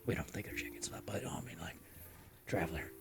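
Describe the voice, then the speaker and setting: A man's voice: low voice, a little fast, pitched below the performer's own voice, close to an everyday voice. A man voicing a chatty Southern farmer who hands out a quest, with a Southern accent, rambling and folksy, in improvised stream role-play. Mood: ominous. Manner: rambling, folksy, turns ominous.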